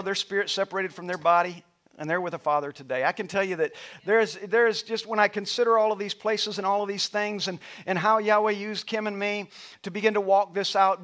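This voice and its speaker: A middle-aged male pastor preaching a sermon in a church, rising to loud passionate peaks and dropping to a soft storytelling voice. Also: high voice. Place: church auditorium with stage lights.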